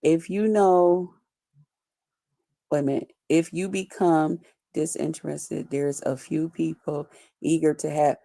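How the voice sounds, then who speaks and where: This host's voice is low, dark, and steady, with vocal fry, and she takes her time. Chatting casually on her live stream, she reads the chat, uses profanity, and laughs a lot while greeting viewers by name.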